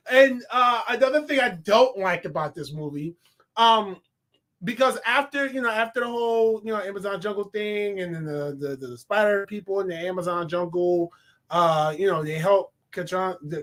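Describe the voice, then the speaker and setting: High-voiced man giving a laughing movie review. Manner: animated, laughing, slangy, acts out scenes. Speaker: film reviewer. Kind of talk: casual video review.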